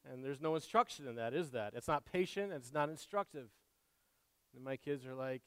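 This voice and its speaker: A man, a father, preaching a sermon in an earnest way, repeating words and moving between soft asides and loud emphasis. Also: mid-range voice, brisk, clean tone, no echo, in a large hall. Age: adult father. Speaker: pastor.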